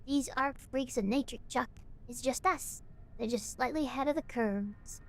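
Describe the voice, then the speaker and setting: A woman's voice: high voice, voice pushed down. A woman reading as a grave cult leader. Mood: solemn. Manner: slow, grave, preaching delivery. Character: solemn cult leader giving a farewell sermon. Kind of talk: reading game text aloud.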